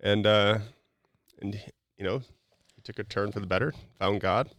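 A man recounts personal stories in an easygoing, animated way, full of "like" and "I go" as he acts out both sides of conversations. His voice sits low with a gravelly edge. The sound is close and dry. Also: normal speed, no room sound. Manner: animated, acts out dialogue, many fillers. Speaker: guest telling stories. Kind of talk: casual storytelling.

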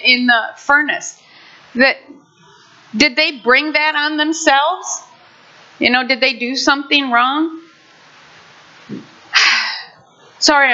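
Older lady pastor preaching, bright voice, kinda muffled lo-fi sound. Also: high voice. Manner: conversational and heartfelt, with many restarts. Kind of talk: sermon. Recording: muffled lo-fi recording.

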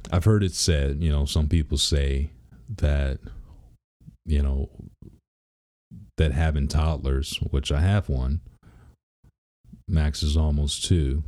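A father in his thirties with a very deep, mellow voice and an unhurried pace. He tells stories in a rambling, easygoing way, restarting sentences often. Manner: rambling and laid-back, with frequent restarts and laughter. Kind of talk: casual personal vlog.

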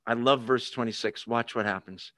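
Steady and medium-pitched, with a bit of brightness, a preacher speaks at a normal speed. His sermon takes a conversational teaching approach, regularly asking the congregation questions for call and response, captured in a dry, studio-quality recording.

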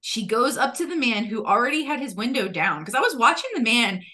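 A woman's voice: fairly high pitch, big pitch swings, a little fast, sharp tone. A woman telling a funny story in casual chat, acting out quotes and laughing often.

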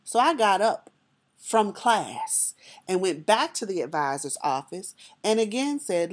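A woman telling a personal story to an audience in a lively, conversational way, often speaking directly to her listeners. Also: medium pitch, a little slow.

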